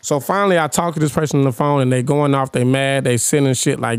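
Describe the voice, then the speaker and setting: A young man hosting a podcast, telling a story in casual chat, animated and profane, firing rhetorical questions at his co-hosts. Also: medium pitch, fast talker, few pauses. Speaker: podcast host.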